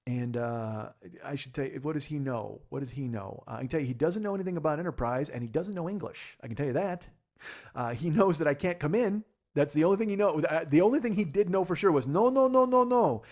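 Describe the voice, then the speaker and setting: Comedy podcast guy, talks fast, cusses constantly, exasperated storytelling. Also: a little high, animated, darkish tone. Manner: profane, exasperated, fast rambling rants. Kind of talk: ranting comic storytelling monologue.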